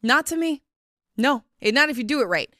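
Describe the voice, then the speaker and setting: A woman's voice: high-pitched, a little fast, no echo, clean studio sound. A woman hosting a podcast, chatting frankly and expressively with plenty of swearing. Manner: blunt, expressive and profane. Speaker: podcast host. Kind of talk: frank casual chat.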